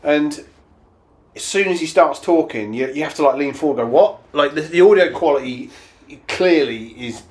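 A man co-hosting a casual film review podcast in a chatty way, often agreeing with a quick "yeah.". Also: a little high. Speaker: podcast co-host.

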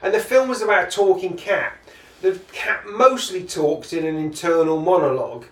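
A man's voice: high voice, moderate pace, a bit bright, reverberant, distant mic. A man co-hosting a casual film review podcast who rambles amusedly through his points. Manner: rambling, amused, with many restarts. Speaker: podcast co-host.

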